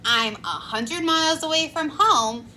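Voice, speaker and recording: A woman quoting a gloomy, unsettling older male customer in a flat, sullen way. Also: sits high, unhurried, a little hiss or hum, pitched above the performer's own voice, full character voice.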